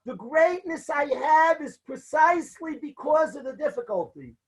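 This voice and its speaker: A man's voice: extremely high pitch, animated, normal speed, voice pushed up. A man declaiming as a fervent old sage.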